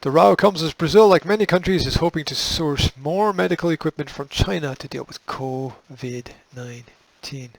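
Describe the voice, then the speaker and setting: A man with a gravelly, slightly raised voice reads out news lines and then cuts in with sarcastic comments. His tone is dismissive and offhand. The recording is close and dry. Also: on the high side, normal speed, few pauses, no room sound, poor audio. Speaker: host.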